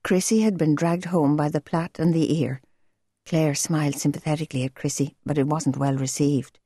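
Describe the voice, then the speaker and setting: A woman narrating an audiobook in a measured, gentle storytelling manner. Her voice is on the low side, mellow and warm with a soft husky grain. It is recorded close and dry, with no room sound. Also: steady tone, dry recording. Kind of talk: scripted narration.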